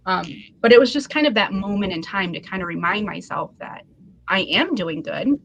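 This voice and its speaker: A woman telling a story on a podcast in an earnest, openly emotional way. Her voice sits at a middle pitch. Faint noise hangs behind her. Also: animated, moderate pace, gravelly, fairly bright tone, lo-fi sound. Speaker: podcast guest, live seller. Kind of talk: casual chat.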